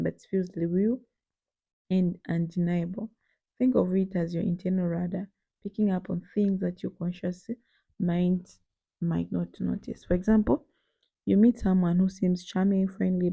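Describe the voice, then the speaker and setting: A woman with a heavily gravelly, deep-toned voice gives advice directly to her viewers. She keeps checking in with short "okay?" tags. The sound is dry and close, with no room echo. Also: steady tone, normal speed, mellow. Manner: addresses viewers directly, tag questions like "okay?". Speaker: advice channel host. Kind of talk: advice talk to camera.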